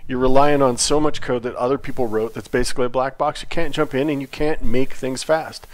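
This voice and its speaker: Male dev co-host, mid pitch, animated and opinionated, casual livestream banter. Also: a little fast.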